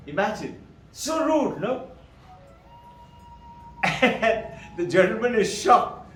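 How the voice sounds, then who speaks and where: A man with a slightly high voice teaches on Vedanta, posing questions and answering them himself. He is recorded from a distance in an echoey room, with faint noise behind him. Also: expressive, takes it slowly, pauses often, a bit bright, soft background music. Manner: laughs between points, adds "no?" tag questions. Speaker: spiritual teacher.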